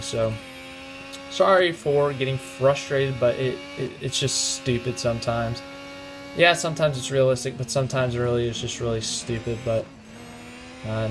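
Young male gamer narrating his play, venting in sharp outbursts over loud game music. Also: medium pitch. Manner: frustrated, ranting, quick outbursts. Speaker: gaming commentator. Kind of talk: live gameplay commentary.

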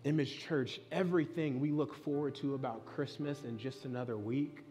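A man's voice: medium pitch, fairly even intonation, normal speed, background noise. A man in his thirties, a pastor preaching a sermon in a church, speaking in an earnest, conversational way and weaving in personal stories. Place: church sanctuary.

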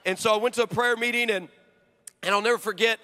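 A male preacher tells a comic story in a high, bright, forceful voice. He jokes with the congregation and acts out both sides of each exchange. His voice carries a long reverb from the hall. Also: quick pace. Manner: animated, joking, acts out dialogue.

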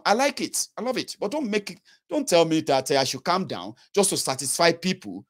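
Very animated and brisk, a man in his 30s with a fairly high voice and a Yoruba Nigerian accent addresses his viewers directly. As a political commentator, he delivers an earnest, pleading monologue to camera, drifting into Pidgin at times.

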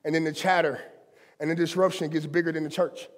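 Male pastor, high voice, passionate conversational sermon, church hall reverb. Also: little pitch movement, a little fast. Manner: impassioned, conversational preaching with colloquial asides. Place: church sanctuary.

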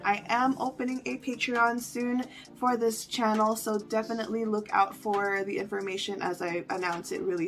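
A woman's voice: medium pitch, fairly bright tone. A young woman hosting a reaction channel, chatting casually and gushing with emotional exclamations. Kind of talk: casual reaction video chat. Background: faint music.

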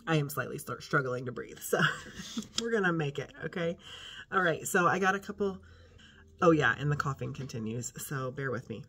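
Older woman, stuffy and short of breath, chatty vlog style, low-pitched voice. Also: animated, normal speed. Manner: chatty, folksy, drops to soft murmurs. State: congested, breathing hard. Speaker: teacher and vlogger. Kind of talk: casual chat to camera.

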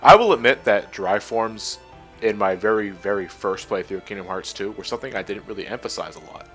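A man co-commenting a let's play, animated and sarcastic, laughing often. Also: on the low side, brisk, husky, faint music behind. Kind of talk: casual gaming commentary.

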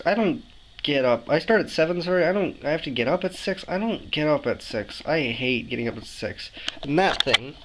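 A young man from Canada, telling a story to his camera indoors in an animated, exasperated way. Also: mid-range voice, a little hiss or hum, rough recording. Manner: animated, ranting, exasperated asides. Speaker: vlogger. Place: indoors, room with a window. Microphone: camera mic, talking to camera.

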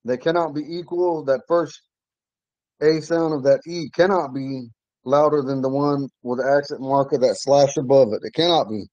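A man teaching an online language class from his home, patiently repeating words slowly for learners. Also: medium pitch, a little mellow, no echo, lo-fi sound.

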